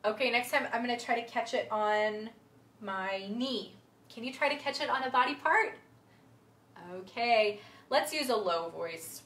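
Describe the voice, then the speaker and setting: A young woman leads a music and movement class for young children over a livestream from an echoey indoor room. Her voice is a little high, fairly bright and unhurried, and she keeps things playful and sing-song with lots of singing and vocal games.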